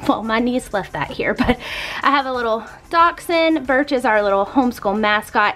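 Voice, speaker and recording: A young woman talks through a home tour for her vlog, chatty and upbeat with plenty of fillers. Her voice sits a bit high, and she sounds slightly out of breath. Soft music plays quietly underneath. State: a little out of breath. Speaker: homeschooling mom vlogger.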